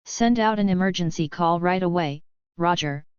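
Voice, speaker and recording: A woman's voice: on the low side, normal speed, smooth, no echo, highs cut off, close to an everyday voice. A woman reading the lines of an earnest young male space cadet in an audiobook, speaking urgently. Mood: alarmed.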